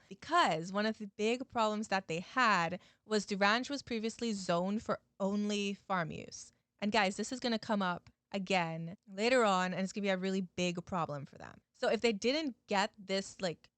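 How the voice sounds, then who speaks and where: A woman's voice: mid-range voice, fairly bright tone, no room sound. Chatty woman recapping a story. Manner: chatty, addresses viewers, many "like" fillers. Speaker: YouTube host.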